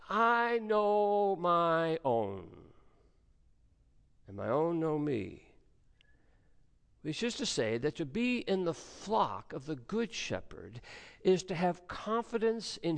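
A man preaching a sermon as pastor, with measured delivery and dramatic pauses. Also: a little high, gravelly, a bit bright, in a large hall.

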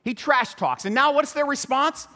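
A man's voice: extremely high pitch, moderate pace, big-room sound. A man preaching a humorous sermon as pastor, telling the story with jokes and asides. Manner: animated, joking storyteller. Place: church sanctuary.

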